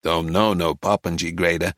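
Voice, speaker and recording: A man voicing a sullen, curt male council chairman in an audiobook, in a flat, disinterested manner. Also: low-pitched, moderate pace, no echo, studio quality, pitched below the performer's own voice. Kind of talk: audiobook character voice.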